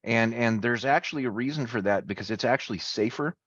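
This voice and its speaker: Brief: male host, halting, filler-heavy, dry muffled recording. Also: mid-range voice, a bit bright, dry recording. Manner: friendly, halting, lots of fillers and affirmations. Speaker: interviewer. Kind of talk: casual interview chat. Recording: dry, slightly dull audio.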